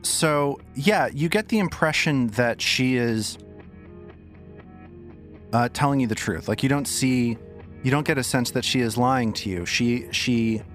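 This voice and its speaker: A man narrating a tabletop game as game master, relaxed, unhurried and wry. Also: medium pitch.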